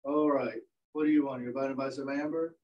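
A wary, gruff amber dealer, as a man puts him on, low and guarded. The voice is caught from a distance in the room, a touch loose and unpolished. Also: flat delivery, fast talker, highs cut off, natural voice.

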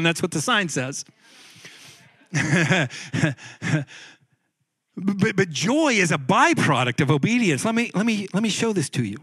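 Male pastor, fairly high voice, conversational sermon with restarts, dry close sound. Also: expressive, unhurried, sharp tone, breathy edge, dry recording. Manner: conversational preaching with frequent repeated words and restarts. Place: church sanctuary.

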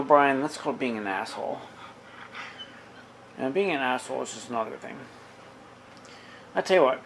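Gravelly sarcastic man vlogging. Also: on the high side, a little hiss or hum, low-quality recording. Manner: sarcastic, talks to his dog. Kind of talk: casual rambling vlog.

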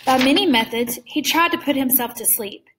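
A woman reading a story aloud in a measured way, slowing down for suspense. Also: high voice, a bit bright, distant mic, slight background noise. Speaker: reader. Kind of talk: read-aloud story narration.

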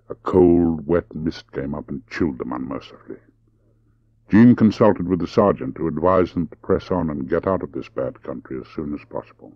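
A man narrating an audiobook with an expressive, varied delivery, in a dull lo-fi recording. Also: low voice, no echo.

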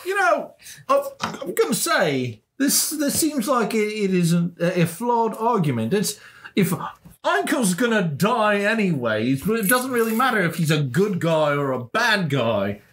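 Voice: mid-range voice, very animated, unhurried, fairly bright tone. A player speaking in character in a tabletop game, blunt, argumentative and prone to swearing.

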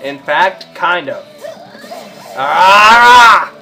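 Slow-talking high-voiced gamer man. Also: music in the background. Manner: rambling, swings between mumbling and angry outbursts. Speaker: let's play host. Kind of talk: gameplay commentary.

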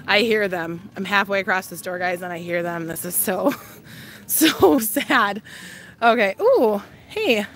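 A woman's voice: mid-range voice, lively intonation, measured pace, a bit bright. A woman in her thirties chatting on a live stream as she walks through a big store, bubbly and laughing often, a bit out of breath. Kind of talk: casual live-stream chat. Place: large store.

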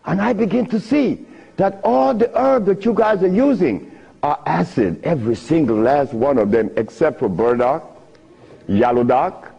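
Older man, husky voice, lively pitch, storytelling talk, muffled old recording. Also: normal speed. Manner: laughing often, swinging pitch up and down. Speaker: speaker giving a talk. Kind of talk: animated storytelling lecture.

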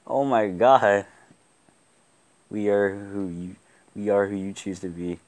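A young man giving live gameplay commentary, excitable, often laughing and yelling at the game. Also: fairly low pitch, slow pace. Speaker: gaming YouTuber.

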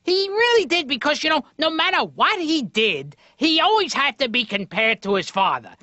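Man, stand-up comic, very high piercing voice, swings all over, dry, slightly muffled audio. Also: sing-song, moderate pace, no room sound. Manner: loud, abrupt, shouting bursts. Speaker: stand-up comedian. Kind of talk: stand-up comedy routine. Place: animated series soundtrack.

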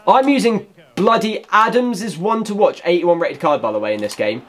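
A young man talks over his own match in an excitable rush, mocking his opponents and breaking into shouts and laughs. His voice sits high and swoops widely from low mutters to sharp yelps. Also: moderate pace. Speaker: gaming YouTuber. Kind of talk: live gameplay commentary.

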